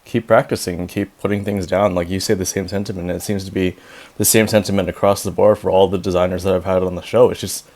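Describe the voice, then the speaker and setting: Male host, very low voice, loose and chatty, filler-heavy. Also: level tone, quick pace, darkish tone. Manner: rambling, filler-heavy, upbeat. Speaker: podcast host. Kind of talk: casual interview chat.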